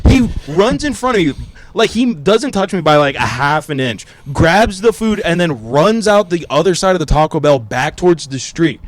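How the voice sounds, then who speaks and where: A man's voice: fairly high pitch, lively intonation, normal speed, no echo. A man co-hosting a podcast, telling a rambling, profane story in casual chat. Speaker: podcast co-host.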